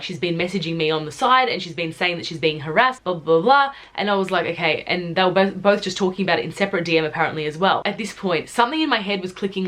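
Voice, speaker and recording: A young woman from Australia in a casual storytime vlog, retelling events in a chatty, animated way full of filler words. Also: lowish voice. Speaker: YouTuber telling a story.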